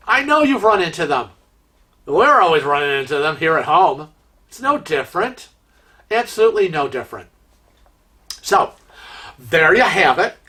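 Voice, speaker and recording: Man, cruise vlog host, bright tense tone, exasperated rhetorical rant, lots of ums and restarts. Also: a little high, big pitch swings, normal speed, pauses often. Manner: frequent fillers and restarts. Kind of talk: storytelling monologue.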